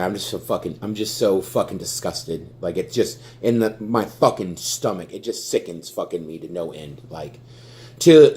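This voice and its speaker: A man's voice: fairly low pitch, darkish tone. A young man ranting furiously about his team, swearing constantly and stammering as he repeats himself. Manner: stammers and repeats words when worked up. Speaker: sports fan vlogger. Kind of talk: angry fan rant.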